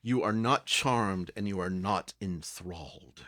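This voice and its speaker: A man narrating a tabletop role-playing game as game master, describing scenes in a slow, hesitant way. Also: deep voice, fairly bright tone.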